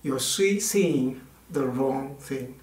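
A man's voice: mid-range voice, slow pace, a little mellow. A male minister giving an earnest, conversational sermon and telling a personal story, with many restarts. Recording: roomy, voice distant from mic.

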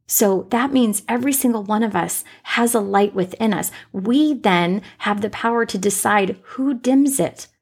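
Podcast host, woman, husky with some gravel, unscripted faith talk, emphatic repeats. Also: mid-range voice, unhurried, hardly any pauses. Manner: off-the-cuff, conversational, emphatic repetition.

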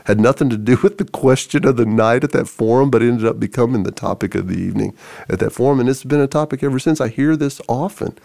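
A man telling a story on a podcast, animated, with many restarts and acted-out voices. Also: mid-range voice, fast talker, gravelly, no echo, studio quality. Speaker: podcast co-host, church forum leader. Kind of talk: storytelling conversation.

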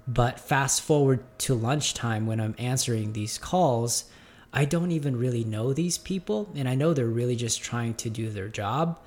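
A man in an unscripted, reflective talk to his audience, calling them "guys". He speaks at a mid-range pitch and keeps restarting and doubling words as he thinks aloud. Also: darkish tone. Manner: halting, repeats and restarts words often; addresses listeners as "guys". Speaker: gym owner speaking to viewers. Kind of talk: reflective casual monologue.

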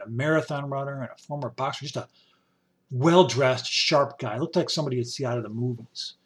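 A man from upstate New York telling rambling stories from his past in a casual spoken-memoir style, full of "you know" fillers. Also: medium pitch. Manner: rambling, warm storytelling with many "you know" fillers and quoted voices. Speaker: storyteller.

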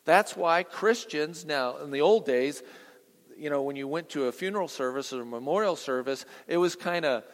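A pastor preaching a sermon, swinging from hushed passages to booming climaxes and quizzing the congregation. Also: male voice, normal speed, in a large hall. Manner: asks the congregation questions.

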